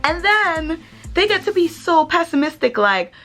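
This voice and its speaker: Sassy, blunt woman vlogger with a lively voice. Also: extremely high pitch, unhurried, soft background music. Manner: blunt, sassy, swears freely. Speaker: vlogger host. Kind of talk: casual vlog chat.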